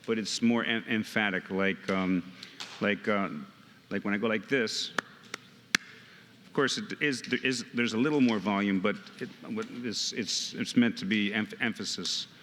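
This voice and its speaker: A man teaching a hands-on music workshop, speaking slowly and haltingly, often repeating words and counting beats aloud. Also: fairly low pitch, fairly even intonation, a bit bright. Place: temple hall. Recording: temple hall reverb, faint noise.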